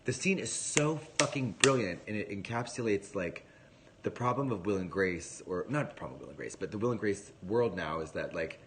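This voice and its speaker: A man chatting casually on a livestream, telling a rambling, animated story with plenty of swearing. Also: fairly low pitch, a little fast, background noise.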